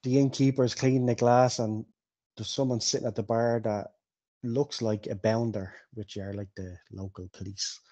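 A man's voice: mid-range voice, little pitch movement, normal speed, mellow. A man narrating loosely as game master, often laughing.

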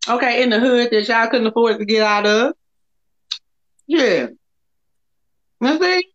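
A woman's voice: on the high side, measured pace, fairly bright tone. A woman hosting a casual livestream, talking in a blunt, profane and taunting way. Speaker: livestream host. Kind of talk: heated casual livestream talk. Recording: lo-fi livestream audio.

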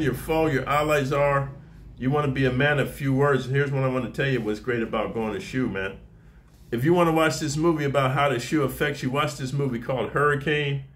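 A man's voice: a little high, a bit bright. A man giving a casual, profane monologue to camera in boastful street talk, speaking as a martial arts teacher.

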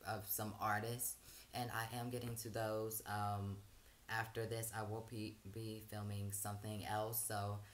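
A man's voice: lowish voice, flat delivery, unhurried, slight background noise. A man hosting a reaction vlog, chatting casually and loosely, with frequent "um" fillers between phrases. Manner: loose and rambling, frequent "um" fillers and soft laughs. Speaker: reaction channel host.

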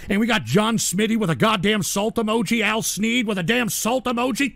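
Man, high-pitched, gravelly, irritable profane livestream host, dry close sound. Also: fairly quick, hardly any pauses, no echo. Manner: irritable, profane, yelling at trolls. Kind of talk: livestream rant reading viewer donations.

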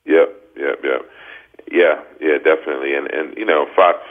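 A man calling in as a radio guest, talking in a laid-back, measured way with many pauses and an early-morning voice. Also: a bass voice, steady tone. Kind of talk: phone interview. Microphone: phone line. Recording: tinny phone line.

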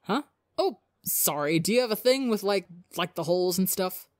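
A woman's voice: medium pitch, expressive, moderate pace, no echo, studio quality, lightly acted. A woman voicing a gleeful, mischievous alien creature in a storybook reading. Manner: loud, giddy and mischievous.

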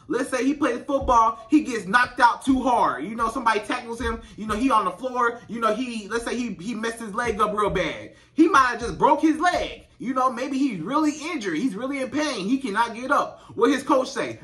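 A man's voice: very high voice, animated, normal speed, few pauses, sharp tone, distant mic. A man, giving relationship advice in a vlog and talking straight to women in an emphatic, conversational way with lots of repetition. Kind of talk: direct-to-camera advice vlog.

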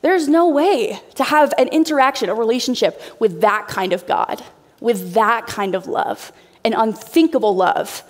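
Young female youth pastor, expressive and candid, preaching to teens in a reverberant hall. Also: fairly high pitch, moderate pace. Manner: bubbly, emotional, talks straight to teens. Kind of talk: youth sermon.

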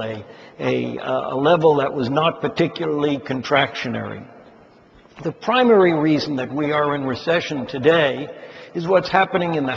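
A man giving a formal economics talk to investment advisors, measured and deliberate, stressing key words as he explains. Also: on the high side. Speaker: keynote speaker addressing investment advisors. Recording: dull lo-fi sound with long hall reverb.

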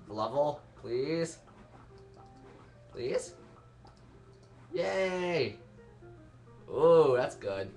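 Brief: young male let's-player, lowish voice, rambling and self-mocking, soft game music under him. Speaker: let's play commentator. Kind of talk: rambling gameplay commentary.

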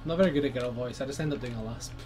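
A man with a Scottish accent giving excitable, sweary commentary while playing a video game with his brother. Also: medium pitch, rapid-fire, slight background noise. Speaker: let's play co-host. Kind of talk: casual gaming commentary.

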